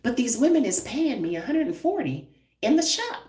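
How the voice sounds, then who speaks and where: A woman's voice: fairly high pitch, very animated, normal speed, darkish tone. A woman in her fifties, a hairstylist and brand owner, talking bluntly and emphatically to viewers on a casual live stream. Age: 50s. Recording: echoey room, distant from the mic.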